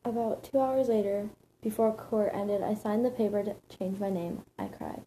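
A woman reads a first-person story aloud in a plain, matter-of-fact way. Her voice is mellow and dark-toned, at an ordinary middle pitch. The delivery stays steady, like reading from a page. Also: normal speed, a little hiss or hum, rough recording.

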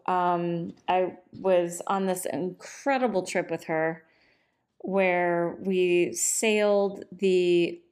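A middle-aged woman who hosts a podcast and works as a divorce coach speaks off the cuff into a microphone. Her lowish voice sounds relaxed and chatty, with lots of filler words.

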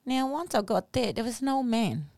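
An earnest woman podcast host tells a personal story with animated, plain phrasing. Her voice sits fairly high with a mellow tone, recorded close and dry on a podcast mic. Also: moderate pace, no echo. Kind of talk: casual chat, storytelling.

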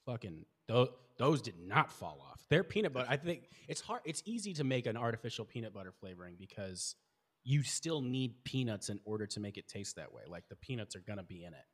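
A man's voice: medium pitch, big pitch swings, brisk. Laughing, swearing man in his thirties. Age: 30s. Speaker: podcast host. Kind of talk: casual chat.

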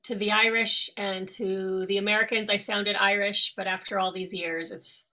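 Bright-voiced middle-aged woman attorney. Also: medium pitch, flat delivery, moderate pace. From New York. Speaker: guest, attorney. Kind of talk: interview conversation.

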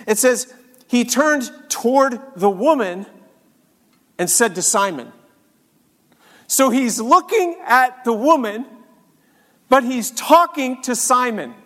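Slow, high-voiced preacher in a reverberant hall. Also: male voice. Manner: swings from hushed reading to fervent exclaiming prayer. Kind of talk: sermon.

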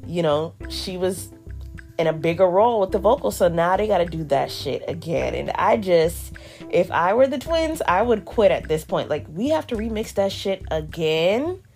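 A woman's voice: on the low side, big pitch swings, normal speed, a little mellow, soft background music. A woman hosting a podcast, recapping an episode in a casual, sassy, slangy way with joking asides. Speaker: podcast host reviewing a reality show.

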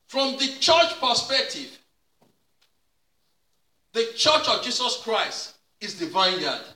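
A male pastor preaching a sermon with repeated call-and-response questions, sometimes rising to a shout. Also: extremely high pitch, very animated, slow. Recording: echoey room, mic at a distance.

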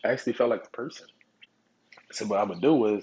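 A man hosting his own podcast, telling stories in a relaxed, profane way and chuckling often. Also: on the low side, fast talker, highs cut off, a little hiss or hum. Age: adult. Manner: laid-back, profane storytelling with chuckles. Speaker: podcast host. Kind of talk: casual solo podcast monologue.

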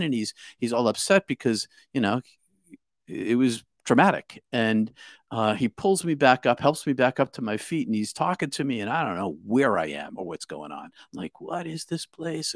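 Man, guest storyteller, halting delivery full of restarts, dry close sound. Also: lowish voice, no echo. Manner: halting, many repeated starts. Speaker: guest telling his story. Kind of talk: casual spoken storytelling.

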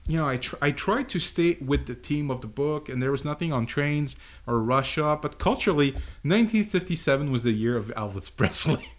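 Halting man reading notes on a podcast. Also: on the high side, animated. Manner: halting, many fillers and restarts. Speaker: podcast co-host. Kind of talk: casual chat.

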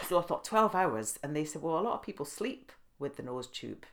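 A woman's voice: deep voice, normal speed. A middle-aged woman telling stories in a casual interview, laughing often and acting out the voices of people she quotes. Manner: lively storyteller who laughs often and acts out quoted speech. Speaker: guest.

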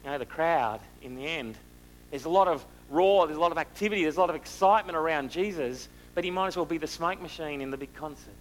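A man preaching a sermon, asking the listeners rhetorical questions and moving between loud and hushed delivery. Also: fairly high pitch, quick pace, a little hiss or hum, low-quality recording.

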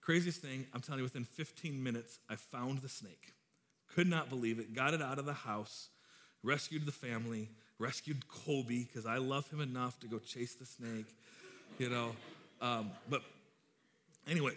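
A man's voice: medium pitch, bright, forceful tone. A man in his thirties preaching a sermon, informal and joking, telling stories to his congregation. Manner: joking storyteller, chatty and informal. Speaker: pastor.

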